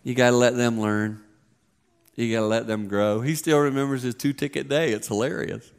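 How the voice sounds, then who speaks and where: A man's voice: mid-range voice, steady tone, moderate pace, creaky, smooth. A man in his fifties giving a sermon, a conversational, joking storyteller. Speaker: pastor.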